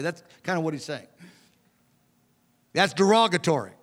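A high-voiced man preaches a verse-by-verse Bible teaching, animated and conversational, slipping into the characters as he goes. His voice carries with a long reverb through a church hall. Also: measured pace, long pauses. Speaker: pastor.

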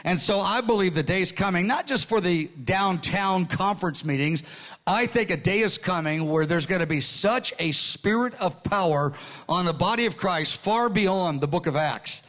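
High-voiced older man preaching. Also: moderate pace. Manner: excited, earnest storytelling with frequent restarts. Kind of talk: sermon storytelling.

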